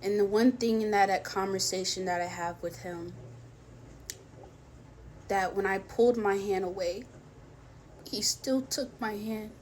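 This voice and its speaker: A young woman shares a heartfelt personal faith testimony, speaking softly and haltingly. She pauses often and restarts her sentences, and she sounds close to tears in places. A faint hum of noise runs underneath. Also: mid-range voice. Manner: soft, halting, many fillers and restarts, tearful at times. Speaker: vlogger sharing a faith testimony. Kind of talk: personal testimony, emotional storytelling.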